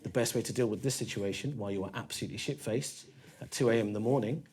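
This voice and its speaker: A man voicing a calm, formal inner voice that lays out a plan, low and measured. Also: close to an everyday voice. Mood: scheming. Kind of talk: stand-up bit.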